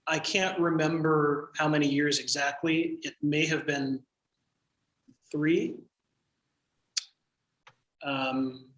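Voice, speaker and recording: Bright-voiced man leading a training. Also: on the high side, roomy sound, low-quality recording. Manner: measured, thoughtful, frequent um fillers. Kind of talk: training session talk.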